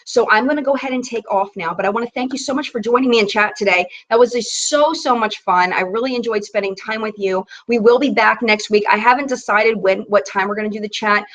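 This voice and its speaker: A woman's voice: on the high side, fast, hardly any pauses, fairly bright tone. A woman in her thirties hosting a casual beauty live chat, chatty and bubbly, reading viewer comments aloud.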